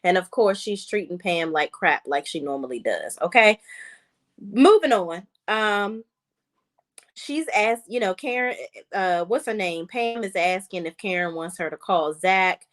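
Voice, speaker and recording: A woman host giving a sassy, animated, casual recap of a TV episode straight to her viewers. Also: mid-range voice, a little slow. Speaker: reality TV reviewer.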